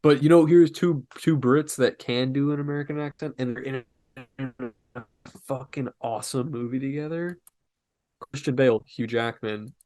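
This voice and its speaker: A man's voice: medium pitch, moderate pace, darkish tone. A young man co-hosting a podcast, rambling in crude, casual banter full of swearing and restarts. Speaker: podcast co-host.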